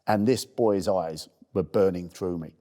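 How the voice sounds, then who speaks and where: A man's voice: low-pitched, unhurried, mellow. A man earnestly telling a heartfelt personal story in a documentary. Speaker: first-aid campaigner.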